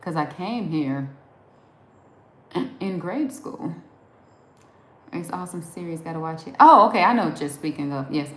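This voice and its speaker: Speaking in a low, unhurried voice with frequent pauses, this New Jersey woman with a Southern accent rambles through viewer comments on her live stream. She's chatty and laughs a lot, in an echoey room with faint noise behind her.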